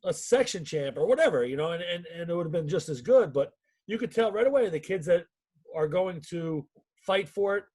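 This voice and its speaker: Husky high-voiced man, reflective coach. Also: expressive, brisk, darkish tone. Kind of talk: casual podcast interview.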